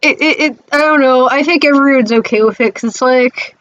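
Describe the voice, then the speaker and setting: A woman's voice: high voice, a little fast, fairly bright tone, no echo, dull audio. A woman streamer chatting casually about a game, hesitant and full of fillers, often giggling.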